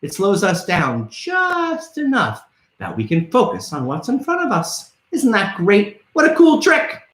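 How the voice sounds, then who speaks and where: Lively playful man hosting a kids' show. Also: high voice, unhurried, echoey room. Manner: playful, theatrical, calls out to viewers. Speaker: kids' trivia show host. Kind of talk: upbeat live show for children.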